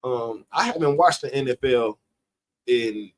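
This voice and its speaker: A man's voice: mid-range voice, unhurried. A middle-aged man hosting a live stream, talking casually in a rambling way, often chuckling and calling out viewers' names from the chat.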